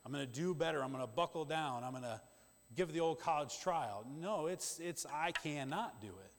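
A man preaching a sermon in a conversational, emphatic way, with quick asides to the congregation. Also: a little high, expressive, creaky. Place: church sanctuary. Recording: long church-hall reverb.

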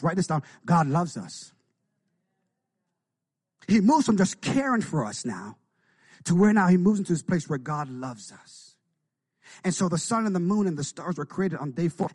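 A pastor preaching a sermon, with call-and-response "come on" asides, building to shouts of excitement. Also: male voice, on the high side, slightly rough.

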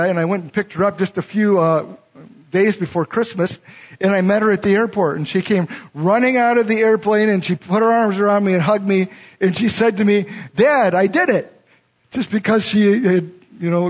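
A man's voice: sits high, fairly even intonation, fairly quick. A middle-aged man preaching a sermon, reading scripture verses and then explaining them in a teaching way. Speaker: pastor. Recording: dull lo-fi sound.

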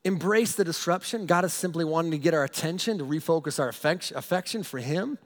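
High-voiced animated man preaching. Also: moderate pace. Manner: animated, self-mocking storyteller who stumbles and repeats words. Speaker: pastor. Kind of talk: storytelling sermon.

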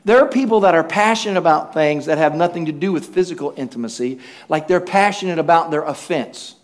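A man preaching with an unusually high, bright-sounding voice. He tells lively, humorous stories, slips into quick impressions of the people he describes, and keeps turning to the congregation for an amen. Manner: animated storytelling, acts out quoted voices with humor; asks the congregation for responses. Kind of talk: sermon.

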